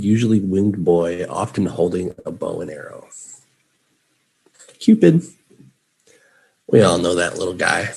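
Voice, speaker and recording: Slow, gravelly Chicago man teaching. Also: low voice. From Chicago, United States. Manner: slow, leads students in repeating words. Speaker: English teacher. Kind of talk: live vocabulary lesson.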